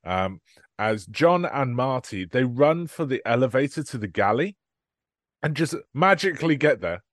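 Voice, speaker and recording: A man co-hosting a film podcast in casual chat. His pitch rises and falls a lot as he recaps scenes, swears freely and slips into quick put-on lines from the film. The sound is close and dry, with no room around it. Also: sing-song, no room sound. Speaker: podcast co-host.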